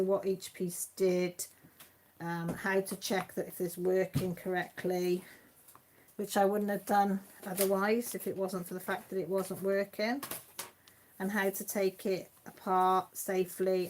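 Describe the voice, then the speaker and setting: A woman chats casually as host of a live stream. Her talk rambles and restarts as she loops back over her points. She sounds tired, with a steady voice in a middle pitch. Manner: chatty and rambling, with many restarts. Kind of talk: casual chat.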